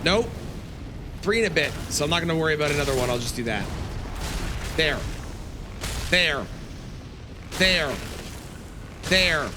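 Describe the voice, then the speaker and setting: A man's voice: on the high side, expressive, unhurried, long pauses, background noise. A man streaming a game live, talking to his chat and grumbling at the game. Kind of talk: live gameplay commentary.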